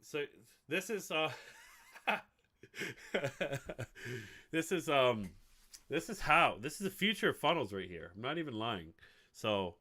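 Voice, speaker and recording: A man's voice: mid-range voice, very animated, normal speed, sharp tone. A man chatting casually and rambling while he builds a website on a live stream, swearing now and then. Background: music playing.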